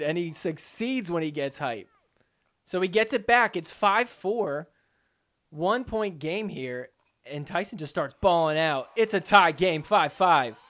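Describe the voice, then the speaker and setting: A man hosting a podcast, giving a casual, excitable play-by-play recap of matches with a joking edge. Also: high voice. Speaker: podcast host. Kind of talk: casual sports recap commentary.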